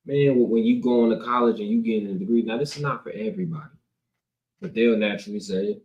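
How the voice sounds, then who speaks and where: Talking fast with lively intonation and vocal fry, a man with a medium-pitched voice teaches from the Bible, the highs cut off. A preacher recording himself indoors on a camera mic with roomy echo, he reads scripture and riffs on it in slangy, casual style.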